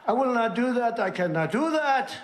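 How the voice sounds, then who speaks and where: A man's voice: very high-pitched, expressive, moderate pace, a little hiss or hum, voice pushed up. A man doing a put-on Mexican Spanish accent, voicing a foreign leader who keeps refusing in an exaggerated mock accent. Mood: insistent refusal.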